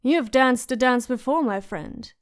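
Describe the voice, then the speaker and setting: A woman's voice: sits high, expressive, moderate pace. A woman reading an audiobook, voicing a fat foreign merchant with a liquid accent and a coaxing manner. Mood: scheming.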